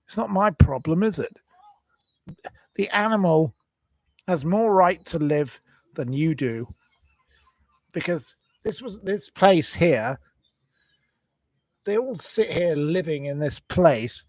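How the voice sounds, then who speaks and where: A man's voice: on the high side, animated, takes it slowly, long pauses, no echo. A man hosting a rambling, indignant livestream chat about animals, breaking off to apologize for his rants. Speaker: channel host.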